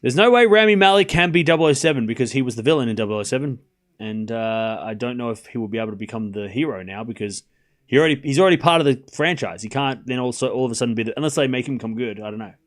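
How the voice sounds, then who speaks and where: A man's voice: mid-range voice, fast talker. Young guy streaming tennis commentary, chatty and jokey, swears a bit, talks to chat between points. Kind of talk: casual live-stream commentary.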